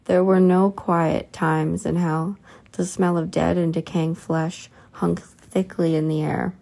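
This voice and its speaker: Low gravelly woman reading slowly. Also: flat delivery, dark tone. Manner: slow, halting reading with stumbles and restarts. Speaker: reader. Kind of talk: reading a religious book aloud.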